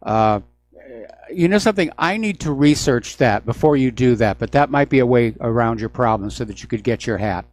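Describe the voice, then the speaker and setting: Steady male talk radio host, mid-pitched, measured and a bit halting. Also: no echo. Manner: calm and thoughtful, many hesitations.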